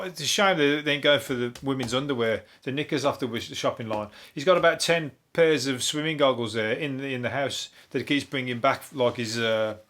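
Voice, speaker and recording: A comedian from Birmingham with a Brummie accent hosting a solo comedy podcast, rambling through the news in a deadpan, sweary way, his voice getting hoarse. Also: mid-range voice. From Birmingham, England. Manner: deadpan, rambling, sweary, laughs at own jokes. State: voice going hoarse.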